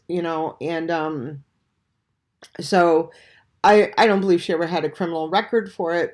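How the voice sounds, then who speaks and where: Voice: mid-range voice, a little mellow. Stuffed-up, hesitant vlogger, under the weather. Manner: hesitant, full of ums and restarts. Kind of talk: casual talk to camera. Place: at home at dawn.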